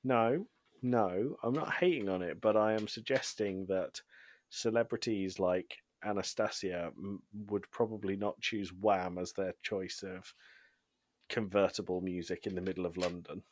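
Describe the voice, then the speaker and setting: A man co-hosting a podcast, casually recapping a TV episode with frequent ums and quick laughs. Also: sits low, no echo. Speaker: podcast co-host.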